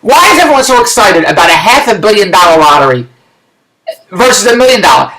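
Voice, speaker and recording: A man's voice: high-pitched, sing-song, fast, reverberant, crowd noise, poor audio. A middle-aged man from Philadelphia, ranting in a rambling, exasperated way on his video blog. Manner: rambling, exasperated, loud rants. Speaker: vlogger.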